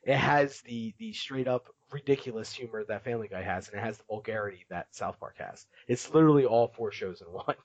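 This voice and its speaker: A man's voice: medium pitch, brisk, hardly any pauses, no room sound. Male co-host, casual, laugh-prone storyteller; dry lo-fi recording. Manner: laughs often while retelling a cartoon scene. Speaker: podcast co-host. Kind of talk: casual chat. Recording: dull lo-fi, dry.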